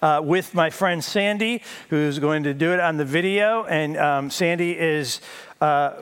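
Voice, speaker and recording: Guy pastor preaching, kinda high voice, chatty and joking at himself. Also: a little slow, a bit bright, clear, resonant tone. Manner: conversational, self-deprecating humor. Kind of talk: sermon.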